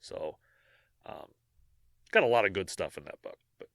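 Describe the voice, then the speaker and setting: A man with a bright, forceful voice co-hosts a casual podcast. He moves between loose chat and reading out a history segment, with fillers and false starts along the way. The sound is dry and close. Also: deep voice, big pitch swings, normal speed, no echo. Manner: reads the history part, with fillers and restarts between. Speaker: podcast co-host.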